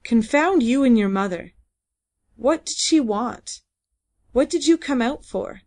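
A woman's voice: fairly high pitch, expressive, unhurried, darkish tone. A woman voicing an irritable middle-aged male trader who growls curt, peevish questions in a storybook reading.

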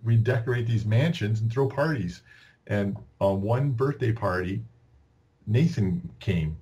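On a muffled recording, a Canadian-born man with a fairly low voice speaks at a measured pace as a podcast guest. He rambles through long casual stories, restarting often and quoting dialogue with animation.

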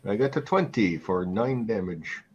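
A man's voice: on the low side, expressive, normal speed, husky. A man playing a tabletop game, talking in a dry, laid-back way. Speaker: player. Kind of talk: tabletop game play over a call. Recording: dull lo-fi mic.

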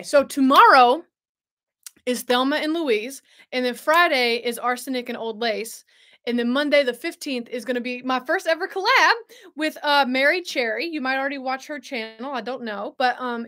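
A woman's voice: high voice, bright, forceful tone. A young woman hosting a casual livestream, bubbly and chatty, laughing often and answering viewers. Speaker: host.

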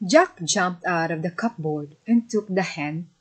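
A woman narrating a children's fairy tale in a slow, simple storybook manner. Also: on the low side, husky, rough recording.

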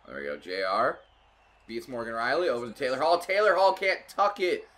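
A young man commentating his own hockey video game match, getting excitable and frustrated at the game. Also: mid-range voice, brisk. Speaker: gaming YouTuber. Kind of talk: live gameplay commentary.

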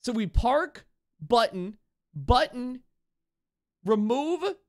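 A man streaming a video game live, thinking out loud and repeating himself, with sudden excited outbursts. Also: very high-pitched, drawn-out words. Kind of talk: live gameplay commentary.

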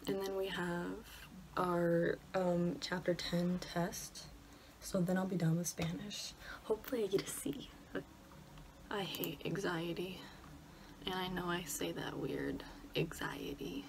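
A young woman with a Michigan accent, talking anxiously and often dropping to a whisper as she chats casually in her bedroom. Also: fairly low pitch. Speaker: college student vlogger. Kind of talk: casual vlog chat. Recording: steady background noise, lawnmower outside.

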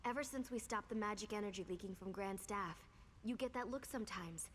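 A woman's voice: medium pitch, a little fast, a bit bright, a little hiss or hum, natural voice. An actress playing a fiery young female pirate captain in a video game, speaking emphatically and bluntly. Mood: concerned. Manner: emphatic, scolding. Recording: reverby game audio with faint music.

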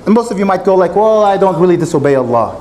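Male preacher, high-pitched, earnest sermon delivery with faint background noise. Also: animated, quick pace, darkish tone, low-quality recording. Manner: earnest, retelling a story with quoted dialogue. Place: mosque.

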